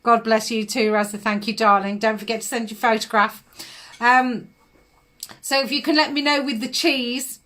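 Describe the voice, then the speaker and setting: A woman's voice: a little high, fairly even intonation, moderate pace, pushed and bright. A middle-aged woman, giving psychic readings on a live stream in a chatty manner, laughing often and calling viewers darling.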